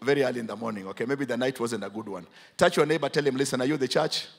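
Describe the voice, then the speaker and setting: A man's voice: medium pitch, very fast, vocal fry. A Kenyan man preaching a sermon as pastor, mixing English and Swahili, and calling out for responses from the congregation. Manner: dramatic, swings from hushed to loud emphatic.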